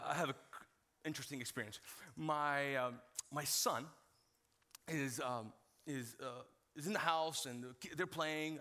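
A man's voice: on the high side, bright, forceful tone. A man in his thirties, a pastor, preaching a sermon in a conversational, humorous storytelling way and addressing the congregation directly.

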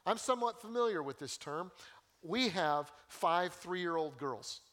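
An older male pastor preaches with folksy humor and passion. His voice sits fairly high for a man. He swings between warm joking and earnest pleading. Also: expressive, a little slow. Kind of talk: sermon.

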